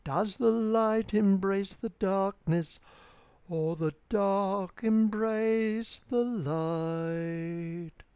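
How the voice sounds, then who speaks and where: A reader reciting a rhyming verse tale in a lilting, rhythmic, unhurried manner. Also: mid-range voice, darkish tone, clear, resonant tone, no echo.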